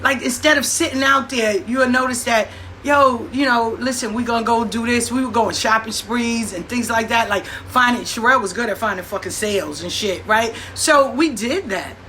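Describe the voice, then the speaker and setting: A woman's voice: on the high side, normal speed, slight background noise. A woman, talking in a blunt, profane, storytelling monologue and acting out what people said. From New York. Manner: blunt, profane, animated with acted-out quotes. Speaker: host.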